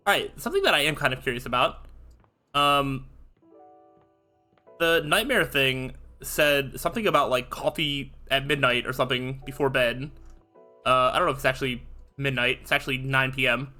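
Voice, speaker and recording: A man's voice: medium pitch, pushed and bright. A man giving casual, curious let's-play commentary, full of fillers and amused asides. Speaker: gameplay streamer.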